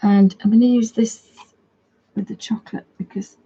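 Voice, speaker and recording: A woman's voice: mid-range voice, steady tone, normal speed, dark tone, slightly rough, highs cut off. A woman chatting casually as she walks through a coloring tutorial at home, rambling a little as she works. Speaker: craft video host.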